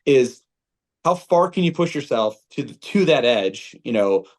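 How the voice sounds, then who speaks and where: Man, former player, football analysis, animated, lots of fillers, medium pitch. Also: a little slow. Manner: animated, filler-heavy, repeats phrases. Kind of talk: casual sports talk.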